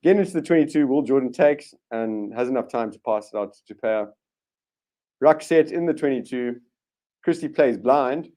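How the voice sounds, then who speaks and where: A man hosting a live rugby watchalong, giving excitable play-by-play commentary with sudden bursts of enthusiasm and frequent restarts. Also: mid-range voice, normal speed. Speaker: watchalong host.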